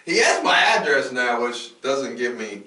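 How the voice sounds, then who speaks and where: A man's voice: mid-range voice, sing-song, a little slow, bright, forceful tone, reverberant, recorded from a distance, poor audio. A man co-hosting a casual podcast, talking loosely with lots of fillers and restarts. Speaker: podcast co-host.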